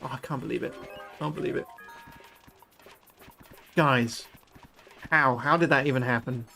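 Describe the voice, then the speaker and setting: A British man livestreaming a game, chatting excitably with his viewers and swearing freely. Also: mid-range voice, measured pace, creaky, faint music behind. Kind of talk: live gameplay commentary chatting with viewers.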